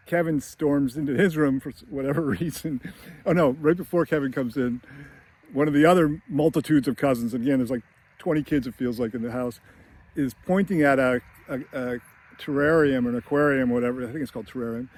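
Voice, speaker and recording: A man's voice: mid-range voice, normal speed, a little mellow. A man giving a casual, rambling film analysis with many fillers and chuckles. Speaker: screenwriting commentator.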